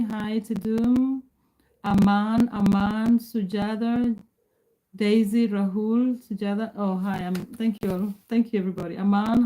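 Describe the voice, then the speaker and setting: Kenyan-born woman in her forties, calm measured livestream host, mellow dark voice. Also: medium pitch, slight background noise, poor audio. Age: 40s. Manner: reads out viewer names and answers chat. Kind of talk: casual livestream chat.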